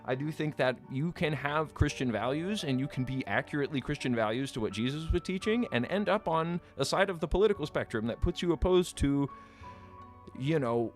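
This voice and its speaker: With a mid-range, darkish voice, a man livestreams while reading his chat and retorting sarcastically and combatively. He swears without restraint and chuckles at his own jokes.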